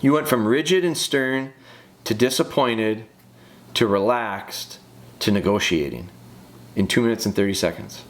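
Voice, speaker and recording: A man with a lowish voice talks a dog handler through a training video. He coaches directly and hammers his points home by repeating short phrases. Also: unhurried, a little hiss or hum. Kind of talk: casual video breakdown commentary.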